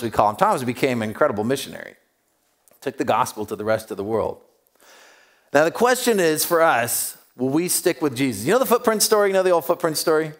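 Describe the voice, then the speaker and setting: A man preaching a sermon, telling stories with humor and acting out the voices of the people in them. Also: a little high. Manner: humorous and self-deprecating. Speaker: pastor.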